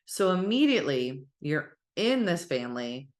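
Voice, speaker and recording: A woman teaching casually about spirituality, speaking in an animated, encouraging way and sometimes cheering in playful voices. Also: low voice, normal speed. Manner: warm encouraging address.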